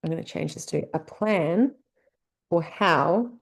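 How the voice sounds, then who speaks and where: A woman's voice: fairly low pitch, expressive, measured pace, creaky. A woman with a New Zealand accent presenting a business tips lesson, talking through questions in a conversational way. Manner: conversational, asks many rhetorical questions.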